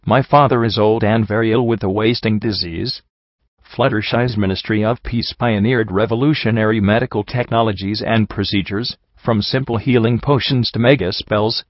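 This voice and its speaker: A man reading the lines of a calm, dignified aristocratic unicorn prince in a storybook. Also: on the low side, no room sound, dull audio, close to an everyday voice.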